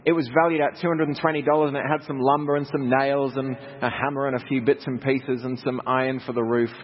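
A middle-aged Australian missionary with a mid-range, slightly rough voice shares anecdotes with a congregation, keeping it conversational and sprinkling in humorous asides. The recording is dull and lo-fi, with hall reverb and a little noise.

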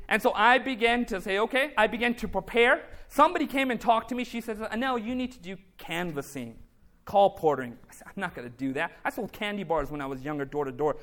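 Delivering a testimony sermon, a man with an unusually high, fairly bright voice recounts his story through back-and-forth dialogue. Now and then he calls out to the congregation for a response.

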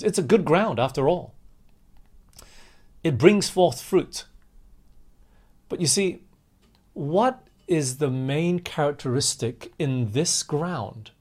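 Calling his audience friends, a man preaches with impassioned emphasis that swells and ebbs. His voice is fairly high, with a darkish tone.

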